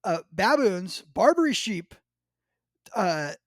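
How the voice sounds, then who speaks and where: Very animated yet taking it slowly, a male podcast host with a light, high voice relates a story in relaxed conversation. He voices what others said and laughs frequently along the way, recorded dry and close with no echo or room.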